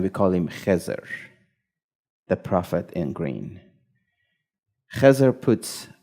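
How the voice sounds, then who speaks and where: A man telling a story at a live event, speaking in measured, short phrases. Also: fairly low pitch, dark tone.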